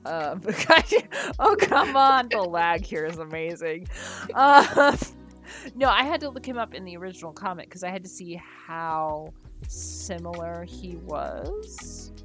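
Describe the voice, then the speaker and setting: A woman in casual chat on a live stream, enthusiastic and quick to laugh, with sudden loud bursts. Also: fairly low pitch, faint music behind.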